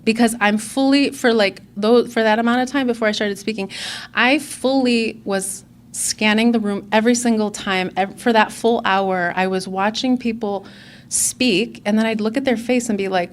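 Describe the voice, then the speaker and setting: A woman's voice: fairly high pitch, fairly even intonation, moderate pace. A woman in her forties giving an earnest, candid personal testimony as a speaker at a recovery conference.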